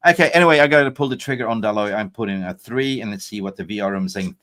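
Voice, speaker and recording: A man's voice: fairly low pitch, racing. A man hosting a fan channel's player ratings, joking and pleading to make his point. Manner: excitable, jokey, pleading to finish his point. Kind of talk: casual football chat.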